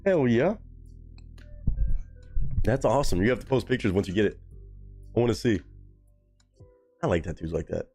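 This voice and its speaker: A man's voice: fairly low pitch, sing-song, moderate pace, pauses often, darkish tone, breathy edge, faint music behind. A young man chatting casually and goofily on a live stream, swearing freely and joking around.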